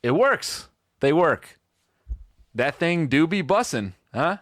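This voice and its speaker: A man's voice: fairly high pitch, very animated, takes it slowly, fairly bright tone, no echo, clean studio sound, voice pushed up, exaggerated voice. A man voicing an awkward middle-aged Gen X dad who fumbles through a talk with his teenage son, trying too hard to sound hip.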